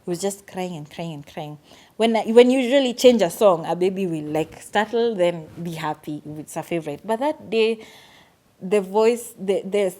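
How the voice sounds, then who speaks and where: Young woman, earnest storytelling, animated, vlog. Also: fairly low pitch, moderate pace. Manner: earnest, animated retelling with quoted asides. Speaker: vlogger.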